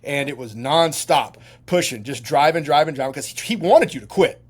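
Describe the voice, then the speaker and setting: A middle-aged male veteran telling stories as an interview guest, animated and rambling, full of fillers and restarts. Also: on the high side, normal speed, slightly rough. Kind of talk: casual storytelling interview.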